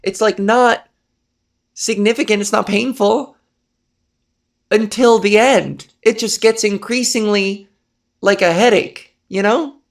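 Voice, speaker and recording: Comedy podcast host, young adult woman, breathy and exasperated, improvising a rant with plenty of vocal fry. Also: mid-range voice, slow, pauses often. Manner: exasperated ranting, breathy put-on delivery.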